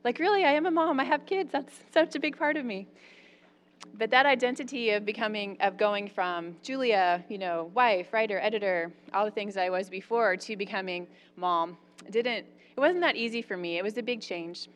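Woman in her own voice, telling an audience a candid personal story, warm-up fillers and self-mockery. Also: medium pitch, normal speed. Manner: candid, self-deprecating, lots of "um" and "like". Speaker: storyteller speaking to a live audience.

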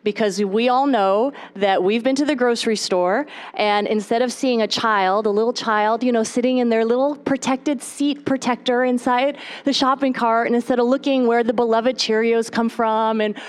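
A woman's voice: fairly high pitch, steady tone, moderate pace, hardly any pauses, clear, resonant tone. A woman in her thirties from the United States, giving a live talk to a moms' group from a podium and chatting straight to the audience. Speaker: speaker at a moms' gathering. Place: stage at a podium.

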